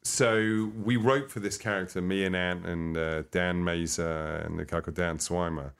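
A man's voice: low-pitched, fairly even intonation, moderate pace, gravelly, fairly bright tone, smooth. A British man, a comedian guest, telling stories in casual interview chat. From Britain. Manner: storytelling with quoted voices.

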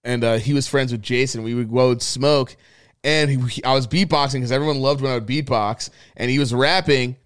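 A man's voice: mid-range voice, brisk, smooth. A man in his thirties co-hosting a podcast, telling loose, profane stories and acting out his friends' lines. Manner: animated storyteller, swears freely, acts out friends' lines. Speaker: podcast co-host. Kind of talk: casual chat.

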